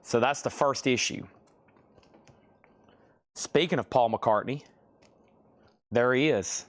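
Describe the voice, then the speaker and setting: A man's voice: mid-range voice, slow pace, pauses often, no room sound. A man hosting a live vinyl record sale, chatting casually and rambling between sales. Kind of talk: casual live-stream selling.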